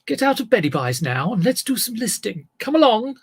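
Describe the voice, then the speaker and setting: A man putting on the voice of an upper-class English gentleman, with an upper-class English accent and long drawn-out vowels, haughty and bossy. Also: high voice, big pitch swings, breathy edge, pitched above the performer's own voice, heavily acted. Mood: lordly.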